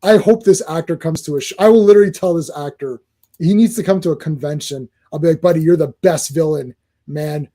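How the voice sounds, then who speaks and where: A man co-hosting a casual podcast chat, blunt and opinionated, getting excitable. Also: a little high, fairly quick. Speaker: podcast co-host.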